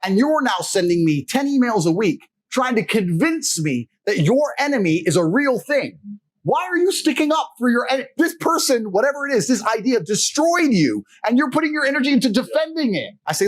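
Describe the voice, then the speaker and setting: A man giving a blunt, profane motivational monologue, lecturing the listener directly and confrontationally. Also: high voice.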